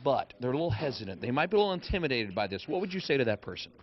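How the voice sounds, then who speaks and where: A man reporting live for a morning TV show from a training shop, energetic and exclamatory as he interviews a guest. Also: medium pitch, very fast, muffled recording.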